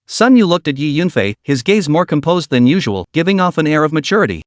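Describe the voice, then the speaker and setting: A man narrating a comic recap, his voice slightly high and moving lively across its range. The sound is dry and close, with no room around it. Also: brisk, hardly any pauses, no echo.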